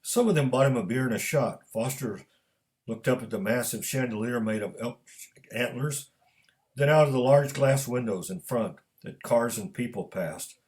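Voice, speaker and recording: A man reading his own story aloud in a measured narrating manner. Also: medium pitch, darkish tone. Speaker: author and storyteller.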